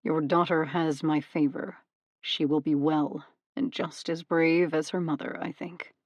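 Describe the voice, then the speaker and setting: A woman voicing a proud male god of the underworld in an audiobook, cool and commanding, with a warm soothing baritone put on. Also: little pitch movement, unhurried, no room sound, highs cut off. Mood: gentle. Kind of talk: audiobook character voice.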